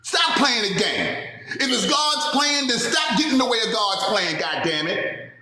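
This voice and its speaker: A man with a Baltimore accent, calling in to a live stream with a blunt, emphatic rant that breaks into shouting. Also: extremely high pitch, big pitch swings, unhurried, very echoey, faint music behind. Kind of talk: ranting call-in.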